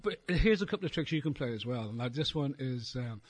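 A man's voice: mid-range voice, animated, a little fast, slightly rough. A middle-aged man with a Dublin Irish accent doing a rambling, wry stand-up set on a live stage, swearing freely. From Ireland. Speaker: stand-up comedian and poet. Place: live venue before an audience.

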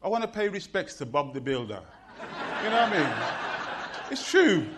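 A middle-aged man with a Birmingham Jamaican accent, telling jokes and stories and reciting poetry on stage in an animated, rhythmic way. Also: a little high, normal speed, very noisy. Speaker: poet and performer. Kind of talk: live storytelling and poetry performance.

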